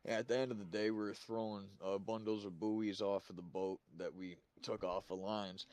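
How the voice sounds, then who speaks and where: A man's voice: on the low side, level tone, normal speed, a little mellow, no room sound. A man in casual chat, telling a rambling story peppered with swearing.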